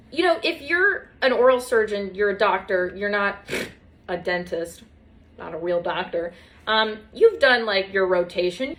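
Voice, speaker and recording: A woman's voice: medium pitch, a bit bright. A young woman telling stories in casual chat, sarcastic and swearing, mocking other people's lines in put-on voices. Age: young adult.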